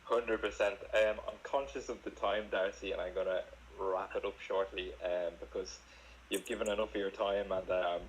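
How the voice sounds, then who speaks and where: A man hosting a casual interview and speaking in a measured, even way. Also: low voice, a little hiss or hum, low-quality recording. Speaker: interview host.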